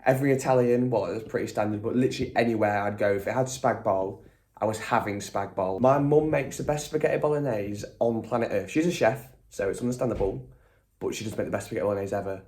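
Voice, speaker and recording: A man's voice: lowish voice, fast talker, a little mellow. Chatty young man. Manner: enthusiastic and chatty, lots of exclamations. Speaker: vlogger. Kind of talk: casual food vlog.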